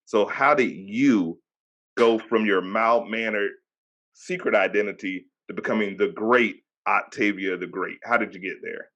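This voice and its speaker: A man's voice: on the low side, a little slow, fairly bright tone, dull audio. A man in his thirties with a Hampton Roads Virginia accent, hosting a casual podcast interview and hyping up his guest in a loose, chatty way. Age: 30s. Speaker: podcast host.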